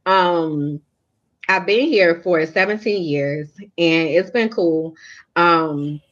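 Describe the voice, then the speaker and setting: A woman's voice: lowish voice, slow, a bit bright. A woman from New Orleans sharing a heartfelt faith talk with her listeners in an earnest, confiding way. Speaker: host of a faith livestream. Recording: lo-fi replayed livestream audio.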